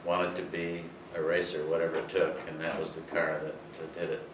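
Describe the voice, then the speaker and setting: A rumbling low, level-toned older man talks a little fast as he rambles through racing history for an audience, filling gaps with many fillers. The sound is distant and roomy, with a faint hiss.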